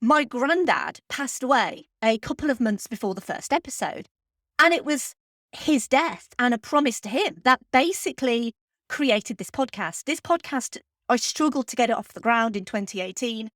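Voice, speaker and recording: A woman hosting a film podcast, talking in an earnest, heartfelt way with pauses while close to tears. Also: fairly high pitch, expressive, a bit bright, no echo. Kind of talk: heartfelt spoken podcast tribute.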